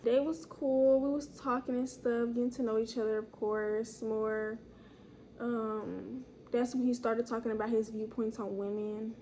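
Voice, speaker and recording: A young woman with a fairly high voice tells a story from her own life in a loose, slangy way, jumping up in pitch whenever she acts out what people said. A faint hiss sits under her voice. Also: unhurried. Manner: animated, slangy, acts out quotes in higher voice. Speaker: storytime vlogger. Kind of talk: casual storytelling.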